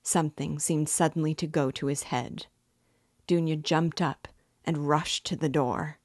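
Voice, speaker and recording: A woman narrates a classic novel in a low, unhurried voice, each phrase measured and deliberate. The recording is close and dry, with no room sound. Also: fairly even intonation, no echo. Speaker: reader and guide. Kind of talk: audiobook-style literary reading.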